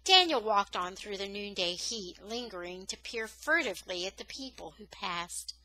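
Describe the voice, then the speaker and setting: A woman's voice: medium pitch, moderate pace, poor audio. A woman reading a novel aloud as a storyteller, lifting her voice on the dramatic moments. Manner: expressive storytelling, rising on dramatic words. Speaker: audiobook reader.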